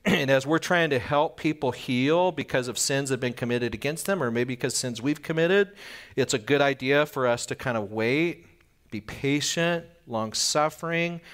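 A man's voice: mid-range voice, fairly bright tone, smooth. Man, sermon, conversational, asks questions, acts out little scenes. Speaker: pastor.

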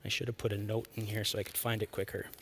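A man preaching a sermon in an earnest, expressive way, drawing out key lines for emphasis. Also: on the low side, fast, creaky, slight background noise. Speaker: pastor.

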